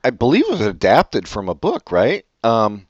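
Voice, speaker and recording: A man's voice: medium pitch, huge pitch swings, normal speed, dry recording. A man co-hosting a casual film podcast, rambling and trailing off, swearing when he slips. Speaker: podcast co-host. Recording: dry, dull lo-fi sound.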